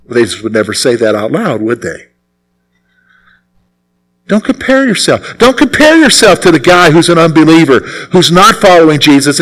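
A man's voice: a little high, a bit bright, low-quality recording. A man preaching a sermon as pastor, emphatic and repeating his key phrases.

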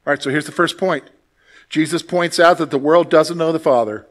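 Man, pastor, sermon, high voice, emphatic, loud and hushed in turns. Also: fairly quick. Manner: emphatic, swings between loud exclamations and hushed asides.

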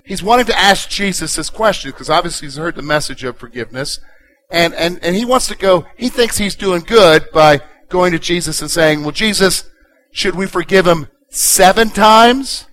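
A male pastor delivers a sermon in a slightly high voice. He moves from steady scripture reading to loud, emphatic rhetorical questions. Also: normal speed, poor audio.

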